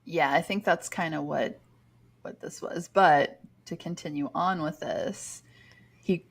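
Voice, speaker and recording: A woman's voice: sits low, slow, creaky, slightly rough. A woman co-hosting a podcast, chatting casually and reading listener comments aloud, amused and laughing often. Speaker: podcast co-host.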